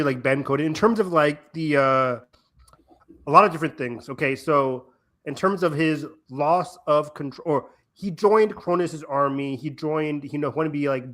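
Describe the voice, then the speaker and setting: Excitable young man with a deep voice. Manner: excitable, joking, rambling. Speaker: podcast co-host. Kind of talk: casual chat.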